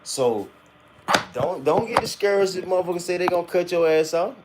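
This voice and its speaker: A man streaming a live reaction, telling blunt, profane stories in a casual and animated way. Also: high voice, fairly quick, very noisy.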